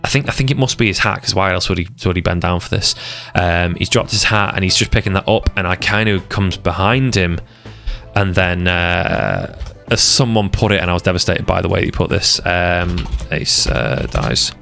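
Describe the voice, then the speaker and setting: A man's voice: low-pitched, lively intonation, normal speed, creaky, fairly bright tone, soft background music. A man streaming a casual, unscripted talk, rambling with passion and often repeating and restarting his words. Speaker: streamer discussing anime arcs.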